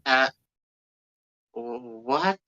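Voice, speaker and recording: Lively bright-voiced player. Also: medium pitch, very slow, lo-fi sound. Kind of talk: casual chat in a tabletop game.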